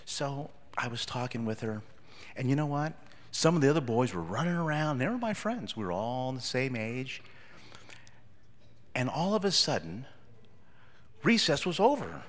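A man gives a children's sermon, telling a story from his school days and quizzing the kids as he goes. His pitch swings widely as he talks, and his voice rings through a large, echoey church hall. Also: moderate pace. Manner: animated, asks the children questions. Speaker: pastor giving a children's message.

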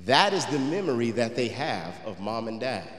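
A pastor with a medium-pitched, very animated voice preaches at a normal pace, reading old scripture before sharing a personal story that moves him. He grows emotional and quiet as he tells it, and the roomy hall adds long reverb.

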